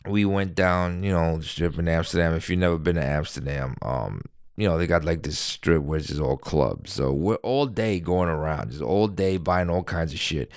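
New man, deep, dry close recording, rambling casual storyteller who swears. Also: normal speed, no room sound. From New York. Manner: rambling, animated, swears freely.

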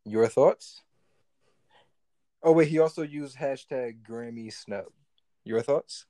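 A young man co-hosting a podcast in casual, animated chat, joking and swearing freely. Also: medium pitch, slow, no room sound. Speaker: podcast co-host.

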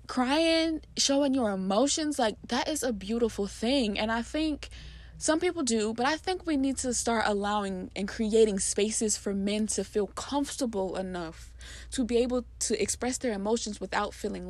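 A woman's voice: a little high, dry recording. A woman talking passionately and casually about a poem she wrote, speaking emphatically in bursts with lots of fillers. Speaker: poet explaining her poem. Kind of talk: casual heartfelt monologue.

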